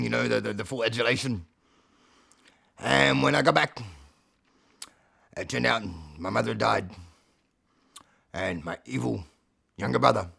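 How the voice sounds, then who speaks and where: A man voicing a laid-back, crude male talking cat who tells tall tales in a low, slow drawl. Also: creaky, pushed and bright, breathy edge, exaggerated voice. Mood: mock-solemn. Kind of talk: comedic storytelling.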